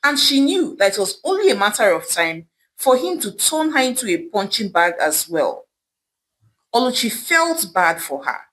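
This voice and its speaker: A woman narrating a folktale in a dramatic, expressive way. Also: medium pitch, moderate pace, poor audio. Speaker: storyteller.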